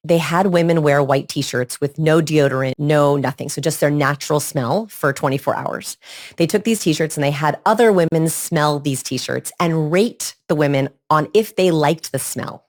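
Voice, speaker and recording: A woman speaking as a body language expert guest in a podcast interview, animated and demonstrating vocal tones. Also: low-pitched, moderate pace.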